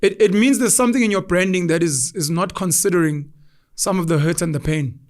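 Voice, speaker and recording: A man's voice: high-pitched, brisk. A young South African man hosting a podcast, telling stories animatedly and acting out quoted voices. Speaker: podcast host. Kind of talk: casual conversation.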